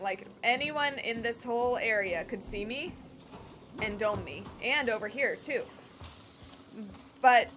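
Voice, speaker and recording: A woman's voice: on the high side, a little hiss or hum. A woman streaming a shooter game, chatting casually, laughing often and swearing freely. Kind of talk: casual gameplay commentary. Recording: loud game sounds behind.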